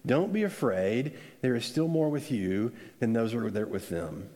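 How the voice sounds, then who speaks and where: A man's voice: mid-range voice, normal speed. Man, pastor, sermon, conversational storytelling, long hall reverb. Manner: conversational, animated storytelling with acted quotes.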